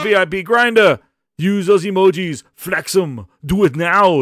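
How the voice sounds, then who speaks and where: A man hosting a casual live stream, hyped and shouting out viewers, his voice hoarse after a long day. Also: sits high, sing-song, moderate pace, dry recording, studio quality. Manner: hyped, shouts out chat names.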